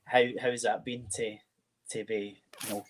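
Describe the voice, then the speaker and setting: Low, even-toned Scottish host. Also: male voice, unhurried, low-quality recording. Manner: friendly, often repeats "as I say". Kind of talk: casual interview hosting.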